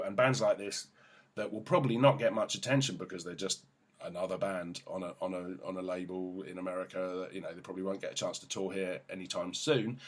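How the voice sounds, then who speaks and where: A man hosting a casual album review, rambling, enthusiastic and sweary. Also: low voice. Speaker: music journalist host.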